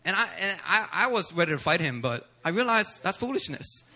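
A man's voice: high voice, fairly quick. A male pastor from Philadelphia preaching a sermon in a church service, telling a personal story with humor and acting out quotes. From Philadelphia, USA. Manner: animated, humorous, acts out quotes.

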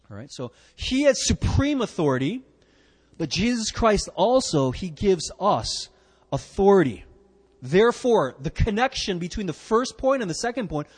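A man's voice: fairly high pitch, slightly rough, in a large hall. A man preaching a sermon and teaching from the Bible, emphatic, with rhetorical questions and repeated "right?" checks. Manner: emphatic, asks the listeners "right?".

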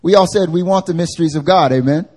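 A man preaching a live church sermon, animated and conversational, acting out everyday voices. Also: fairly high pitch, fast. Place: church service.

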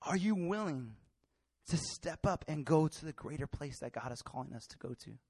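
A male preacher with a notably high voice delivers his sermon in an animated, colloquial style, slipping into casual slang as he drives his points home. The sound is close and dry, with no room around it. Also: normal speed, slightly rough, no echo. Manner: animated, colloquial, acts out Bible characters in street slang.

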